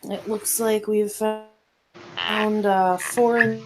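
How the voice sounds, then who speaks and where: A woman's voice: mid-range voice, fairly even intonation, very slow, poor audio. A woman asking questions and reporting findings in a tabletop game, hesitant and full of fillers. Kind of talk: casual tabletop game play.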